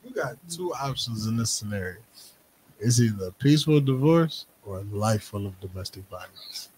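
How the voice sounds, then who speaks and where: A man's voice: lowish voice, animated, moderate pace, a little mellow, husky. A man co-hosting a comedy podcast, riffing bluntly with profane jokes. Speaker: podcast co-host. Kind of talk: crude comedic podcast chat.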